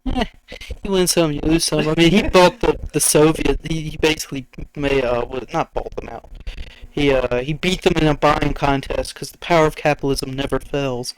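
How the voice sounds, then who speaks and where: A man's voice: on the high side, steady tone, normal speed, no echo, low-quality recording. A young man co-hosting a casual podcast, joking around, rambling and trailing off mid-sentence. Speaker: podcast co-host.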